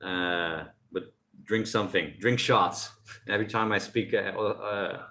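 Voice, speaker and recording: A man's voice: on the low side, a little slow, bright, forceful tone. A man hosting a casual live stream outdoors by the ocean, reading out chat messages and chatting loosely with lots of jokes. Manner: loose, rambling and jokey, often laughing.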